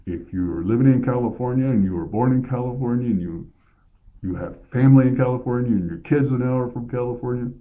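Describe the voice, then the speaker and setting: A man's voice: medium pitch, fairly quick. An older man from Colorado talking in a rambling, casual monologue to his viewers, often correcting himself mid-sentence. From Colorado, USA. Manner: rambling, conversational, with self-corrections. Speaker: vlogger. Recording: tinny phone-like sound.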